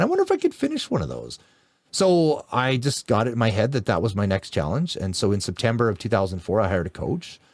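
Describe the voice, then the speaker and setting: A man's voice: fairly low pitch, dry recording. A man in his forties from Canada, an endurance coach telling his story as a guest in a casual, enthusiastic way. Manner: lively, enthusiastic, laughs through stories.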